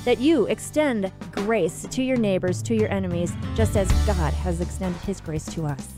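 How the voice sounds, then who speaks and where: A woman's voice: mid-range voice, normal speed, over music. A woman with a Wisconsin accent co-hosting a Christian radio talk show, earnest and exclamatory, urging listeners.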